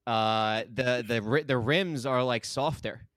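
A man's voice: medium pitch, slow, fairly bright tone, no room sound, studio quality. A man in his thirties from Queens with a New York accent, chatting bluntly as a guest comedian on a podcast and swearing freely. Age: 30s. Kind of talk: casual podcast chat.

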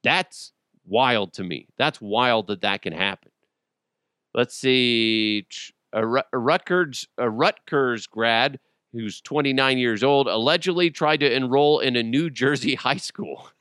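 Profane joking podcast host. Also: male voice, medium pitch, a little slow, fairly bright tone, clean tone, no room sound, studio quality. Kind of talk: casual solo podcast chat.

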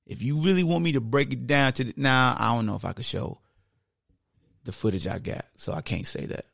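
A man hosting a podcast, breaking down football technique in a casual, animated, slangy coaching manner. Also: medium pitch, fairly quick, gravelly, no room sound, clean studio sound. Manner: slangy, conversational. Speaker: podcast host.

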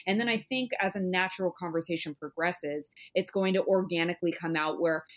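Relaxed, low-voiced woman co-host. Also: fairly quick. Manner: relaxed, thoughtful, suggestive. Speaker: podcast co-host. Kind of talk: casual chat.

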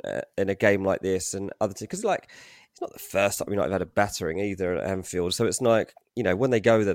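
A man's voice: lowish voice, darkish tone, no echo, studio quality. A man giving his opinions on a football podcast, rambling and opinionated. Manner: opinionated, rambling, many fillers. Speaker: transfer pundit. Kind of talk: casual football podcast chat.

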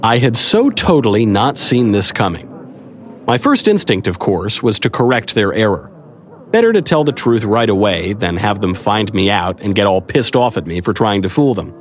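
A man's voice: lowish voice, sing-song, moderate pace, slight background noise. A man reading a first-person story in a wry, conversational manner, recorded on a close studio mic. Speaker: narrator. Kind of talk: first-person audiobook narration.

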